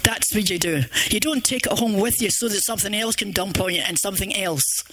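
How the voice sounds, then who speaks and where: A woman's voice: medium pitch, brisk, a bit bright, no echo. An older woman with a Scottish accent giving an earnest, rambling church testimony with many restarts. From Scotland.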